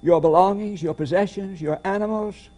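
Give me a preacher doing a firm old leader giving orders, mellow tone. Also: male voice, high voice, normal speed. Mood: instructing.

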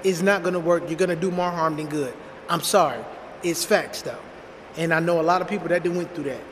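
A man in his thirties telling a personal story in a blunt, animated, slangy way, speaking straight to his viewers. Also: fairly high pitch, a little fast, big-room sound, a little hiss or hum. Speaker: storytime vlogger. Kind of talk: casual storytelling monologue.

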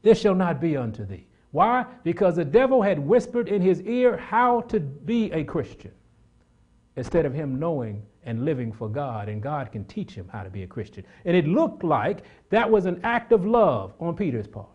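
A man preaching a sermon, swinging from loud emphatic bursts to low hushed asides and firing rhetorical questions at the congregation. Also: sing-song, normal speed, husky, highs cut off.

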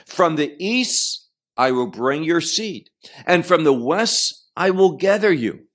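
A man's voice: on the high side, expressive, slow pace, a bit bright, slightly rough. A man teaching verse by verse through scripture, stressing key phrases and repeating them as he explains. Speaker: Bible teacher. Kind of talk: expository Bible teaching.

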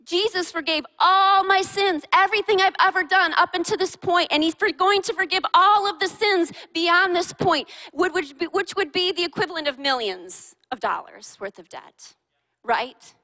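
Bright, high-voiced woman preacher in a big hall. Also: moderate pace. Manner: animated, fires questions at the congregation and teases them. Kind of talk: sermon. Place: large church hall with a live and online congregation. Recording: long reverb of a large hall.

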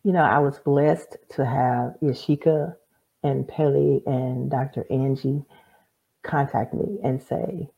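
Low gravelly woman guest, lo-fi. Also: steady tone, takes it slowly, mellow. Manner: earnest, faith-filled, acts out quoted dialogue. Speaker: guest, author. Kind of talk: storytelling interview answer.

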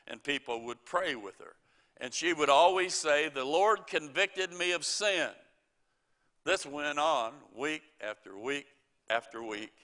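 Bright-voiced male preacher with a folksy manner. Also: mid-range voice. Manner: folksy storytelling, chuckles at his own jokes, quotes scripture. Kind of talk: sermon.

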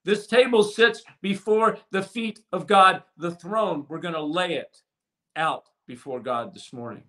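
A man preaching a sermon with passion, swinging from loud to hushed and repeating words as he restarts phrases. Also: high voice, measured pace. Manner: impassioned preaching with sudden swings from loud to soft. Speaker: pastor.

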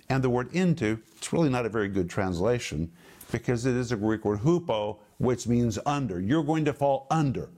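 A man's voice: medium pitch, expressive, moderate pace, dark tone. A man teaching a Bible lesson as a sermon, stressing points emphatically, repeating phrases and explaining Greek words.

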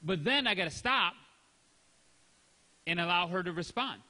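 High bright-voiced male preacher in a hall. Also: lively intonation, moderate pace. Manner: acts out short voiced exchanges, rising and dropping in volume. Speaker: pastor. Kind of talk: sermon.

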